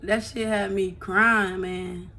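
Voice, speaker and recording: A woman's voice: medium pitch, flat delivery, takes it slowly, bright, forceful tone, a little hiss or hum. A woman vlogger telling her story to viewers on a phone, emotional and blunt, swearing freely and often asking "you know what I'm saying".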